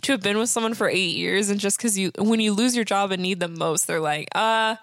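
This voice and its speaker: A woman's voice: mid-range voice, fairly quick, dry recording, studio quality. A young woman co-hosting a podcast, casually recapping a sitcom episode and laughing often as she retells scenes. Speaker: podcast co-host.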